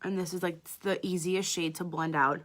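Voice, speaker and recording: A woman's voice: lowish voice, fairly even intonation, moderate pace, fairly bright tone. A woman makeup artist giving a chatty live makeup tutorial, talking straight to her viewers.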